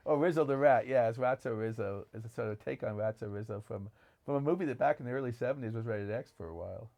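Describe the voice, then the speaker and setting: A man's voice: mid-range voice, fast talker, vocal fry, a little mellow. A man co-hosting a podcast, talking about films in an enthusiastic, rambling way. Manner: enthusiastic, digressive storytelling. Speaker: podcast co-host. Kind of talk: casual film discussion.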